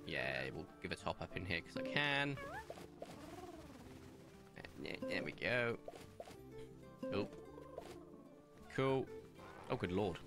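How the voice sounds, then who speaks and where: A man's voice: low voice, very animated, slow pace, creaky, pauses often. A young man chatting casually while streaming a video game, rambling into stories and asides. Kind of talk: casual gameplay commentary. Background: faint game music.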